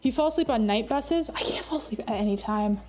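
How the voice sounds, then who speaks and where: A woman's voice: fairly high pitch, a little fast, a little mellow, soft background music. A woman streaming live, chatting casually with her viewers and reading their messages aloud. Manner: chatty, laughing, reads chat aloud. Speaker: virtual streamer.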